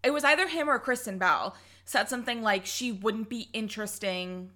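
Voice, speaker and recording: A woman's voice: a little high, normal speed, bright, forceful tone. A young woman co-hosting a casual podcast, ranting heatedly and swearing often. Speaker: podcast co-host.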